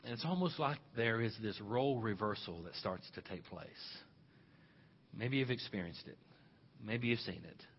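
A man preaching a sermon as pastor, calling out to his congregation with loud, rising exhortations. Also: lowish voice, moderate pace, slight background noise. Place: church sanctuary. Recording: dull reverberant hall recording.

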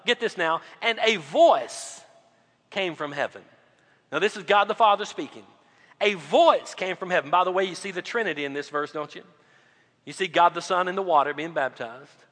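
High bright preacher guy, swings loud to hushed, long hall echo. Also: fairly quick. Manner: swings between loud rising emphasis and quiet low drops. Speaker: pastor. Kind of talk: sermon.

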